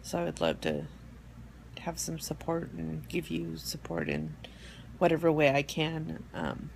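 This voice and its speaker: A woman hosting an online support group on a live stream, talking in a rambling, halting way with many fillers and restarts, soft and heartfelt. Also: low-pitched, big pitch swings, creaky, slight background noise. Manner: soft and heartfelt, near tears at times. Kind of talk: casual live-stream talk. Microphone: phone or webcam for a live stream.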